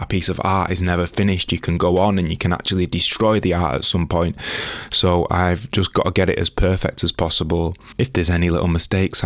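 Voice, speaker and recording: Male podcast host, fairly low voice, self-deprecating and chatty, dry booth sound. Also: no echo. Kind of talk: casual podcast monologue.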